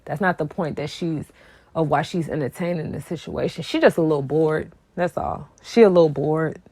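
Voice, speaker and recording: A woman with a fairly low voice talks casually about a song, sassy and emphatic. She repeats her points for weight. Her voice is recorded close and dry. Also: normal speed, a little mellow, husky, dry recording. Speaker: music commentary vlogger. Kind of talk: casual reaction commentary.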